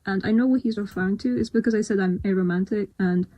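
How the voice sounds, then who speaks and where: A woman in a clip explaining to viewers in a flat, matter-of-fact way. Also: mid-range voice, quick pace, no room sound.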